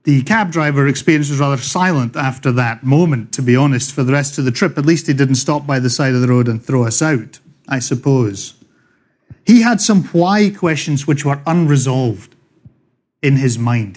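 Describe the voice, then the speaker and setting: A middle-aged man with a Scottish accent preaching a sermon, chatty and joking with the congregation, reading scripture slowly and loudly. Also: medium pitch. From Scotland. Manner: slows and swells when reading scripture. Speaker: pastor. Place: church.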